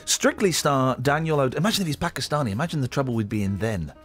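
Male radio host, animated delivery, playful and rambling; studio mic, light music bed. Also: mid-range voice, fast, husky. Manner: joking, rambling, reads news aloud with asides. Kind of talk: casual radio banter. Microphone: studio microphone.

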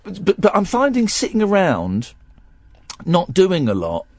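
A man's voice: high-pitched, wildly swooping pitch, measured pace, a little mellow, no room sound. A man hosting a radio show, chatting casually on air in a rambling way with plenty of restarts.

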